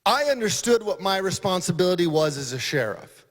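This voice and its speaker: Emphatic sheriff speaking in a reverberant hall. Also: male voice, high voice, very animated, brisk. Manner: folksy storytelling, emphatic. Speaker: county sheriff. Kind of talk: conference speech. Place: conference hall.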